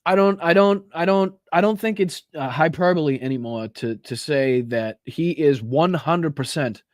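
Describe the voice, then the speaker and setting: A man's voice: a little high, moderate pace, dry recording, clean studio sound. A man ranting on a political live stream, swearing heavily, stressing words and tagging lines with "right?". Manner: heavy swearing, emphatic, repeats 'right?'.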